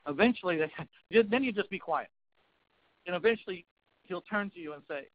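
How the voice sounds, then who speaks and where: A man's voice: high voice, animated, fairly quick, long pauses, muffled recording. A man who coaches real estate investors, talking in a folksy storytelling manner as a guest on a webinar. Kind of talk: webinar talk.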